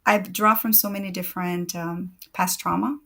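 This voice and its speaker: A woman's voice: lowish voice, fairly even intonation, moderate pace, gravelly, bright, forceful tone. A woman talking earnestly as a guest in a casual livestream interview over a video call. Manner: earnest, laughs easily.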